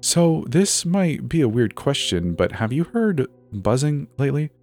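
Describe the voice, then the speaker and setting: A man's voice: mid-range voice, big pitch swings, measured pace, a little mellow, soft background music, voice pushed up. A man voicing a nervous young woman. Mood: uneasy. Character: anxious young woman homeowner, curious and stubborn.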